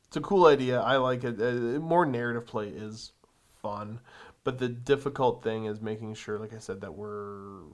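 A young man co-hosting a casual chat show, reading out viewer questions in a relaxed, drawling way with fillers. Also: mid-range voice, normal speed.

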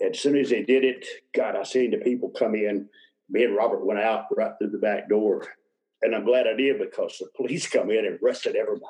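An older man talks through his memories in a relaxed interview. His voice sits low, and he drifts from one story to the next, laughing softly mid-sentence. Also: rough recording. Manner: rambling anecdotes, chuckles mid-sentence. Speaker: guest, retired wrestler.

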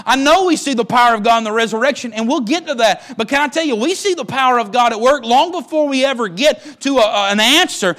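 High-voiced preacher, emphatic. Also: male voice, a bit bright. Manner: emphatic, repeats words and asks the congregation questions. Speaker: pastor. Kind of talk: sermon.

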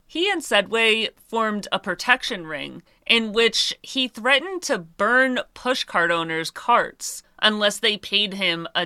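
A woman's voice: mid-range voice, sharp tone, clear, resonant tone, no room sound, studio quality. A woman hosting a true crime video, telling the story in a casual, chatty way with conversational asides.

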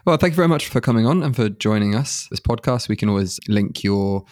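A man's voice: fairly low pitch, expressive, fairly quick, a little mellow, dry recording, studio quality. A man hosting a podcast, wrapping up an interview with friendly thanks. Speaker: podcast host. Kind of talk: casual podcast chat.

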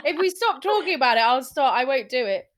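A woman's voice: sits high, big pitch swings, fast. A woman co-hosting a podcast, chatting and giggling a lot. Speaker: podcast co-host. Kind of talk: casual chat.

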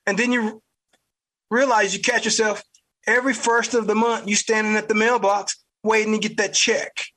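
A man with a Southern US accent, hosting a podcast with blunt, fired-up political commentary, mild cursing and a husky voice. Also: sits high, flat delivery, normal speed, bright, forceful tone. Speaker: podcast host.

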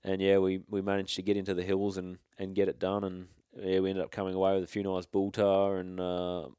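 A man's voice: deep voice, completely flat delivery, fairly quick, mellow, clear, resonant tone, no room sound, clean studio sound. An Australian man chatting casually about his hunting trips, laid-back and rambling with slang and restarts. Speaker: hunting guest. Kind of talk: casual storytelling chat.

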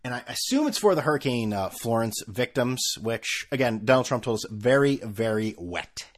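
A man's voice: medium pitch, animated, normal speed. A man hosting a podcast, rambling through a self-mocking comic story with many restarts. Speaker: podcast host. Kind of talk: comedic storytelling.

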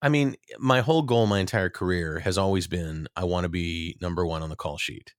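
A man's voice: low-pitched, a little fast, no echo, clean studio sound. A middle-aged man, an actor, telling rambling, self-deprecating stories in a casual interview, with many restarts.

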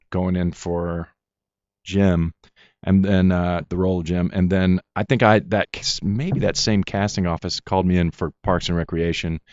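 A middle-aged man with a very deep voice talks through his acting work in a relaxed interview, stumbling and restarting as he goes. The sound is dry and close, with a dull, muffled quality. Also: no echo. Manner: halting, many restarts and fillers. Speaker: actor guest. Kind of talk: casual interview chat.

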